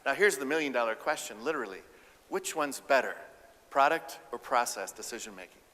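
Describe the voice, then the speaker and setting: Keynote speaker, man, comic delivery, bright and forceful tone, echo of a large hall. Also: medium pitch, fairly quick. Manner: animated, acts out quotes with a raised voice. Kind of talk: humorous keynote talk.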